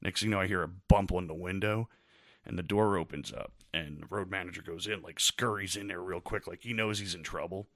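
A man's voice: sits low, a little fast, no echo, clean studio sound. A man co-hosting a podcast, chatting casually and acting out the people he quotes as he tells a story. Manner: animated storyteller, acts out quotes. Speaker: podcast co-host. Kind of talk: casual chat.

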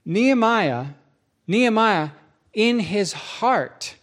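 A middle-aged pastor preaching a sermon, telling stories with lots of voiced quotes. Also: male voice, high-pitched, takes it slowly. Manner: animated storytelling with many voiced quotes.

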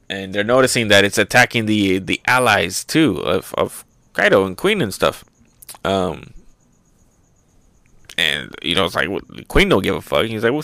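A man's voice: fairly low pitch, bright, forceful tone, no room sound. Casual, swearing man recapping a manga. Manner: loose, profane, laughs often, frequent fillers. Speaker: manga reviewer, show host.

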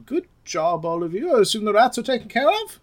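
Cheery innkeeper lady, squeaky high and businesslike, a guy doing her voice. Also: sing-song, fairly quick. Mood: chirpy. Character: brisk cheerful woman innkeeper.

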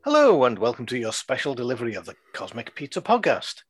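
A man's voice: mid-range voice, wildly swooping pitch, fast, over music. A British man hosting a podcast in casual chat, rambling and joking and laughing often. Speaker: podcast host.

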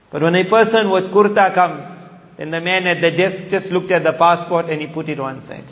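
A man's voice: high-pitched, steady tone, moderate pace, hardly any pauses, fairly bright tone. A man giving an emphatic sermon on Quran verses, repeating key phrases and switching between Arabic recitation and English explanation. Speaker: Islamic preacher. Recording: echoey hall, muffled sound.

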